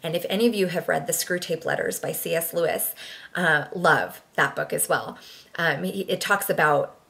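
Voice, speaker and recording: A woman's voice: deep voice, moderate pace, gravelly, a bit bright. A young woman chatting casually to camera, rambling with lots of fillers and restarts. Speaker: vlogger.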